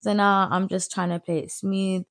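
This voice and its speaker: Gravelly-voiced woman telling a story. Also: medium pitch, normal speed, no echo. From United Kingdom. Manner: blunt, swears freely, animated retelling. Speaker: vlogger. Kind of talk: storytime vlog.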